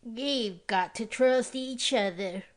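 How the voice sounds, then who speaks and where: Casting: woman voicing a sneering, slow-talking young tough demanding money. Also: mid-range voice, close to an everyday voice. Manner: snarling, sneering. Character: snarling rough young male handyman.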